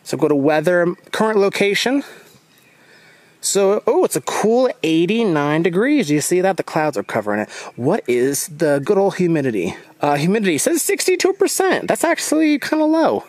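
A man's voice: high voice, normal speed, no echo. Chatty man vlogging in the rainforest. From United States. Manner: chatty, excitable, addresses viewers as guys. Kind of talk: casual vlog walk-and-talk. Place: rainforest trail outdoors at dusk.

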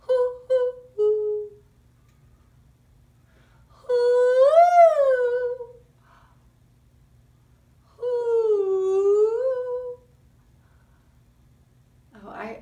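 A woman teaching a kindergarten music class with puppets, coaxing children with sing-song questions. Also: sits high. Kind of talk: online music lesson with puppets. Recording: roomy sound from a distant mic.

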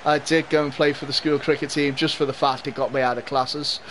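A man's voice: fairly high pitch, fairly even intonation, a little fast, a bit bright, slight background noise. Chatty Scouse man commentating gameplay. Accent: Liverpool Scouse, mild. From Liverpool, England. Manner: chatty, laughs often, cheers at the game. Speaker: gaming streamer. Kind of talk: live gameplay commentary and chat with viewers.

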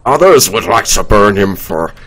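A man doing a rough celebrity impression as a wise elderly monk in a video game, speaking slowly with a drawl. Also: on the low side, sing-song, fairly bright tone, low-quality recording. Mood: grave.

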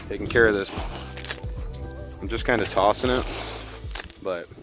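A man's voice: fairly low pitch, steady tone, measured pace, over music. A young man vlogging in casual, rambling chat, cursing and joking about himself as he talks outside and from his car. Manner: rambling, profane, self-deprecating. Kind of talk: casual vlog.

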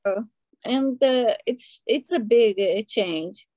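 A middle-aged woman, a coaching client, chats casually in an interview, telling stories in a lively, excitable, animated way and acting out quotes. Her voice is a little high and slow, with no room sound.

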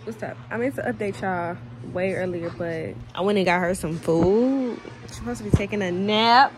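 A young new mother vlogs casually from indoors at home, speaking into a handheld phone with slang and lively chatter and greeting viewers as y'all. Her mid-range voice moves at a normal speed over music, captured in a noisy home phone recording.

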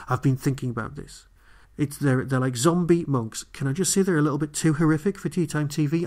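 A man hosting a podcast, giving a chatty, rambling solo review with wry asides. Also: mid-range voice. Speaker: podcast host reviewing an episode.

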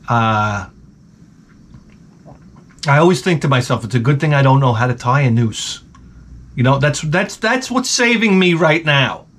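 A man ranting casually to the camera, profane and wry, acting out quotes as he tells funny stories. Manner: animated storytelling, acts out quotes in a high voice. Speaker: vlogger. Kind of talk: casual comedic rant.

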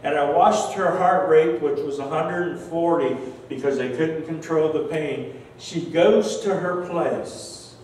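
An older male pastor slowly and earnestly tells a personal story during a sermon, his emotional delivery often softening and trailing off at the ends of phrases. His voice sits on the high side, with slight background noise. The recording comes from a large church sanctuary, very echoey, captured on a distant mic.

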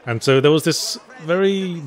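A man's voice: on the high side, moderate pace. A man co-hosting a casual let's play, explaining the game in a dry, sardonic way. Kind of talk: casual gameplay commentary.

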